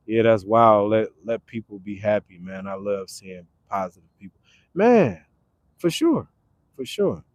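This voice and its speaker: A man from Detroit talking casually on a livestream, animated and repetitive, breaking into loud acted retorts. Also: on the high side, dry recording. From Detroit, Michigan. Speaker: livestream host. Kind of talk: casual motivational livestream talk. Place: now staying in Arizona.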